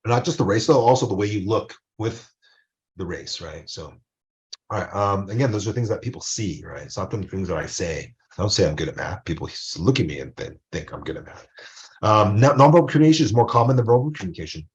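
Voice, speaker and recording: A male professor gives a recorded video lecture in a very low voice. He talks loosely and conversationally and keeps tossing in quick tag questions. The recording is dull and lo-fi. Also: lively intonation. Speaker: college professor.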